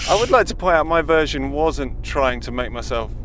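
A man co-hosting a casual podcast, speaking softly and a little sheepishly. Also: fairly high pitch, lively intonation, normal speed, a loud crowd. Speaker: podcast co-host. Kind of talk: casual chat.

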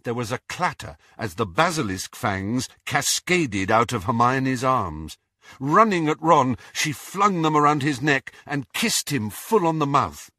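A man narrating an audiobook chapter with expressive storytelling. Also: mid-range voice, a little slow, dry recording, clean studio sound. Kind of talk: scripted narration.

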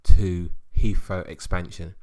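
A man co-hosting a podcast, talking politics in a sarcastic, jokey, animated way. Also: deep voice, slow pace. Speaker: podcast co-host. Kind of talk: casual political chat.

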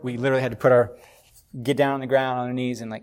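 A man hosting a podcast, talking in a casual devotional way, animated and speculative, often repeating himself for emphasis. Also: medium pitch, rapid-fire. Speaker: podcast host.

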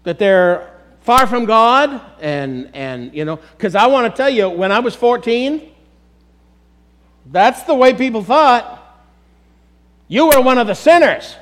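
High-voiced man preaching a sermon. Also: lively intonation, unhurried, long pauses. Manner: emphatic preaching, addresses congregation as folks. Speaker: pastor.

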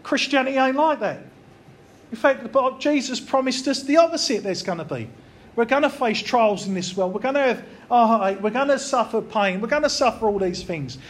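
A man with a very high-pitched voice preaches briskly in an informal, earnest sermon. He talks plainly and conversationally, repeating phrases for emphasis.

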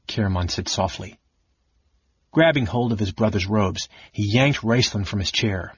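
Husky low-voiced man narrating an audiobook. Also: moderate pace, dry recording, dull audio.

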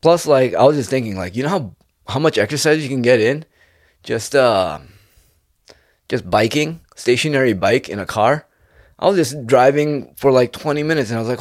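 A man's voice: mid-range voice, expressive, normal speed, no room sound, clean studio sound. A young man in a casual, rambling monologue, laid-back and peppering his talk with "dude". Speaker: vlogger.

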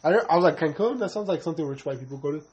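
A man's voice: on the high side, lively intonation, very fast, darkish tone, dull audio, slight background noise. A man co-hosting a casual podcast. He tells rambling anecdotes and often restarts his sentences. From United States. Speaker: podcast co-host.

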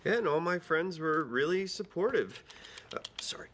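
A man's voice: on the high side, animated, moderate pace, a bit bright, a little hiss or hum. A man in a sitcom scene, talking in a flustered, rambling, defensive way. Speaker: therapy patient in a sitcom. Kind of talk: sitcom acting.

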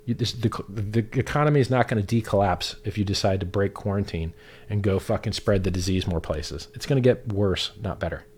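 Profane ranting man, lowish voice. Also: brisk, a little mellow, slightly rough. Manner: angry, profane, sarcastic ranting; mocks others in raised mimicking voice. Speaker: livestreamer. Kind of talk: ranting livestream monologue.

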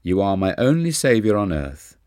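A man's voice: on the low side, sing-song, normal speed, a little mellow, no echo, studio quality. A man reading an audiobook, voicing a carefree young man who pleads earnestly with his teacher. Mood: pleading.

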